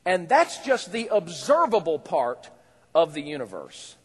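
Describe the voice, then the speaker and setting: A male pastor preaching a sermon in a conversational, animated way, with rising exclamations. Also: a little high, a little slow, husky. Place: church hall. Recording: echoey church hall.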